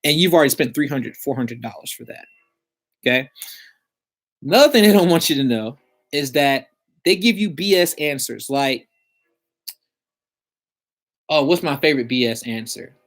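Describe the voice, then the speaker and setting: A man's voice: medium pitch, expressive, normal speed, long pauses, fairly bright tone. A man giving blunt, slangy advice in a casual vlog about credit repair.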